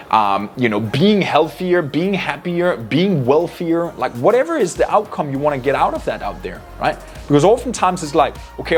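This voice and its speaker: A man talking to camera as a coach, giving energetic, casual motivational tips, often checking in with "right?" and swearing freely. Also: a little high. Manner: energetic, repeats "right?" to the viewer. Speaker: life and fitness coach.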